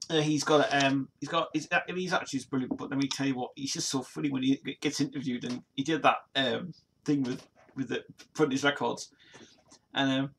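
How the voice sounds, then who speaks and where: A man's voice: mid-range voice, fairly even intonation, fairly quick, fairly bright tone, slight background noise. A man in his forties from Nottingham with an East Midlands accent, rambling through a casual livestream chat with lots of restarts and fillers. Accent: East Midlands English. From Nottingham, England. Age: 40s. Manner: rambling, many restarts and fillers, laughs often. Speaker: livestream host. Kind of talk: casual chat reading viewer comments.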